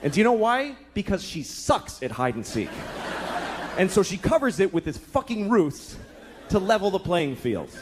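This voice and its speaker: A man's voice: sits high, very animated, normal speed. A man in his thirties doing a stand-up comedy set, profane and exasperated, acting out voices as he goes, with audience laughter on a live stage mic. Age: 30s. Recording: live club set with crowd laughter and noise.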